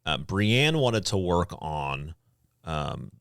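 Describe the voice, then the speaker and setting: A man in his thirties co-hosting a casual podcast, talking in a loose, halting way. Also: extremely low pitch, sing-song, vocal fry, a bit bright, no room sound, clean studio sound. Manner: loose, halting, many fillers. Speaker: podcast co-host.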